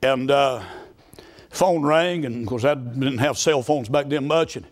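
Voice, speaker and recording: A middle-aged man preaching a sermon, moving from quiet storytelling to loud, fervent shouting. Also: mid-range voice, measured pace. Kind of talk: fiery sermon.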